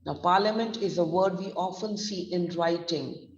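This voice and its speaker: A woman's voice: on the low side, moderate pace. A woman with a Gujarati accent teaching a pronunciation class, who spells words out letter by letter and switches into Hindi. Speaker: pronunciation trainer. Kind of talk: online class lecture. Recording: distant, roomy, muffled lo-fi sound.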